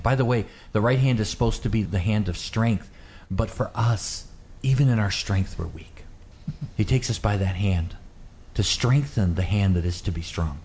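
Earnest low-voiced male pastor. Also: normal speed, a little hiss or hum. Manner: earnest and animated, shifts to a hushed gentle voice when quoting God. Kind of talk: preaching on a Bible passage in a radio discussion.

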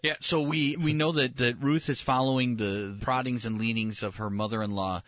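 A man's voice: mid-range voice, normal speed, no echo, highs cut off. A man hosting a radio show, teaching the Bible in an earnest, conversational way and acting out the quoted lines. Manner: earnest, acts out quoted lines with rising excitement.

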